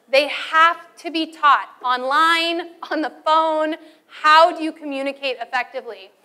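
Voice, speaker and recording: Bright, high-voiced woman teacher. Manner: animated storytelling, acts out students and calls. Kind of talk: teacher training talk.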